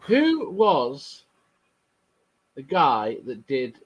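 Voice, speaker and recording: A man's voice: medium pitch, wildly swooping pitch, drawn-out words, breathy edge, dry recording. A man in casual chat who teases and quizzes his friend with pointed questions.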